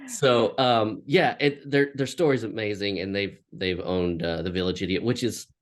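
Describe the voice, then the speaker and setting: Man, podcast co-host, very low voice, laid-back, halting, repeats words. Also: fairly even intonation. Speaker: podcast co-host, creative director. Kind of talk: casual podcast chat.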